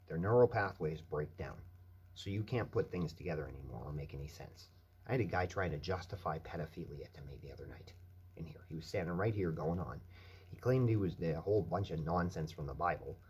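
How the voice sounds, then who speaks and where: A man's voice: very deep voice, a little mellow, husky. A man ranting bluntly and with plenty of profanity in a casual monologue at his night-shift workplace. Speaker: vlogger. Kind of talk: casual rant.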